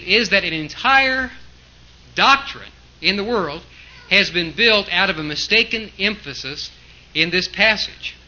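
A man with a high, very bright voice delivers an explanatory sermon, pressing each point with emphasis and asking questions of his listeners. The recording is dull and lo-fi. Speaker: preacher. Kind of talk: sermon lecture on scripture.

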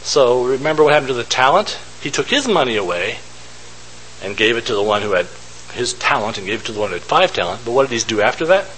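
A man's voice: mid-range voice, sing-song, fast talker, fairly bright tone, slight background noise, low-quality recording. A man giving an informal Bible teaching, thinking aloud and posing rhetorical questions to his listeners.

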